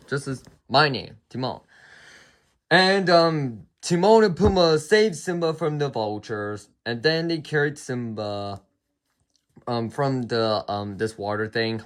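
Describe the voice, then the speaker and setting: A man's voice: a little high, a bit bright. A man retelling a movie's plot in a casual review, rambling and chaining "and then", often restarting and apologizing.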